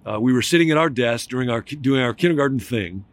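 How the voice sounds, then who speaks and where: A man's voice: mid-range voice, animated, fast talker, no room sound. Man preaching a reflective sermon. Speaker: pastor.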